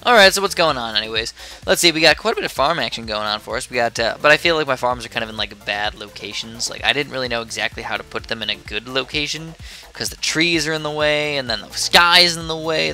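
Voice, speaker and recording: A man's voice: mid-range voice, animated, brisk, bright, forceful tone, soft background music. A sleepy young man giving casual, rambling commentary while playing a game, drifting off topic into chatty asides. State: sleepy, yawning. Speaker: gameplay commentator.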